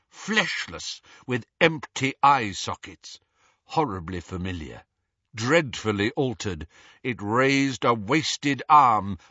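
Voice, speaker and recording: A man narrating a storybook in a measured, expressive way. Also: mid-range voice, dry recording, lo-fi sound. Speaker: audiobook narrator.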